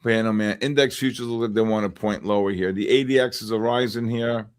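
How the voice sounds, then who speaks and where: A man's voice: on the low side, steady tone, brisk, clean tone. A middle-aged man hosting a live trading stream, rambling casually and calling out viewers by name. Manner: rambling, chatty, shouts out chat names. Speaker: livestream trading host.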